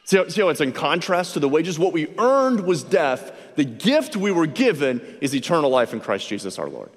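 A higher-voiced man preaches an earnest sermon in a church sanctuary. He leans on key words and slows down to stress them. His voice rings out with the long reverb of a big hall. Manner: earnest, emphatic preaching with slow stressed phrases. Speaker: pastor.

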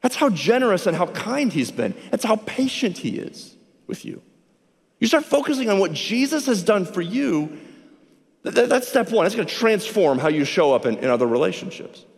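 A man preaching a sermon as a pastor, animated, acting out both sides of a conversation. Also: high-pitched, moderate pace, vocal fry, in a large hall.

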